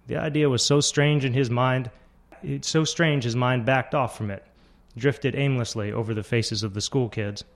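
A man narrating literary fiction in a steady, measured reading voice. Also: medium pitch.

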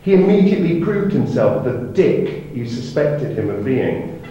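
A man's voice: medium pitch, sing-song, a little slow, mellow, lo-fi sound. Man reading aloud in a roomy hall. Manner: reads a passage, then sings his song. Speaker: author and songwriter guest. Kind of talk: reading from his book on stage.

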